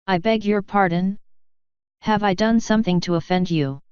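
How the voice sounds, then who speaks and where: A woman's voice: mid-range voice, moderate pace, clear, resonant tone, no room sound, highs cut off, lightly acted. A woman reading a haughty young griffin lady. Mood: flustered. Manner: affected, haughty, flustered when caught. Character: young female griffin, pretentious social climber.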